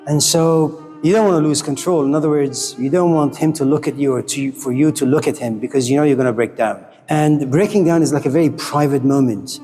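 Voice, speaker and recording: A man's voice: a little high, a little fast, few pauses, dark tone, big-room sound, faint music behind. A man lecturing a college class, passionate and blunt, with casual swearing.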